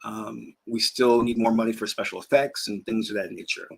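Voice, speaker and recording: Creaky and breathy-edged, this fairly low male voice keeps a steady tone at normal speed. As a spiritual teacher hosting his own channel, he rambles through a relaxed vlog chat, laughing along and sometimes eating.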